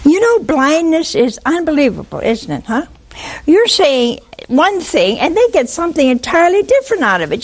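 A woman preaching a sermon, animated and full of rhetorical questions to her listeners. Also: very high voice.

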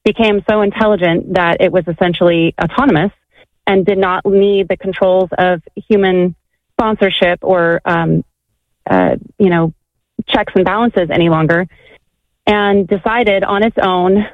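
A woman's voice: medium pitch, fairly even intonation, a little slow, no room sound. A woman calling in to a radio show, telling her story in a chatty, rambling way with lots of fillers. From California. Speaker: caller. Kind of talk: phone call to a radio show. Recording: tinny phone line.

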